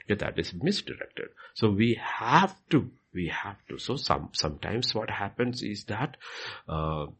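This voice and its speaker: Husky, gravelly man teaching. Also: lowish voice, big pitch swings, a little slow, fairly bright tone. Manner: repetitive, emphatic, acts out quoted questions. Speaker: pastor answering questions.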